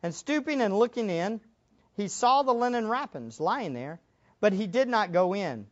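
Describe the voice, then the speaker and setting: A woman teaching a Bible lesson as a sermon, emphatic and animated, acting out the quotes she reads. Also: mid-range voice, moderate pace, highs cut off.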